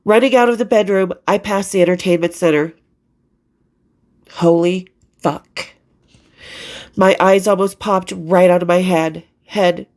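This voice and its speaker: A middle-aged woman reading her own memoir aloud, candid and expressive, with casual asides and blunt swearing. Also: on the low side, moderate pace, hardly any pauses.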